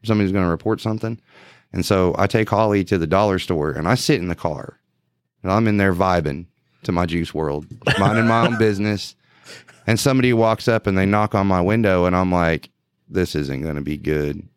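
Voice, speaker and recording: A man's voice: low-pitched, brisk, clean tone, dry recording, clean studio sound. A man telling a story in a casual podcast chat, acting out quotes and laughing often. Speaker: podcast co-host, police officer.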